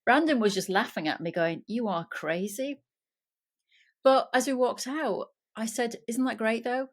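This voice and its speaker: A middle-aged woman hosting a casual interview, chatty and lively, acting out dialogue as she tells stories. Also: fairly high pitch, moderate pace. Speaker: podcast host.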